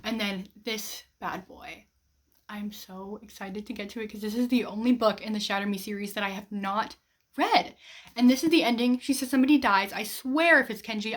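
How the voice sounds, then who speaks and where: A young woman vlogging to camera about her reading plans, bubbly and gushing, with a run-on, chatty way of talking. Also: mid-range voice. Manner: bubbly, gushing, fast-running sentences with many "like"s. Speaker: book vlogger. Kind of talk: casual chat to camera.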